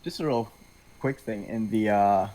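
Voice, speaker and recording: A man's voice: on the low side, unhurried, warm tone, poor audio. A man appearing as a guest on a casual chat show, talking offhand and reading passages aloud.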